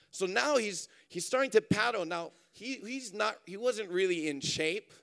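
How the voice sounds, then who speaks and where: A man from Hawaii, preaching through a lively personal story with many fillers. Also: high voice, moderate pace, creaky, few pauses, smooth. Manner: animated, chatty, many fillers and restarts. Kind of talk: storytelling sermon.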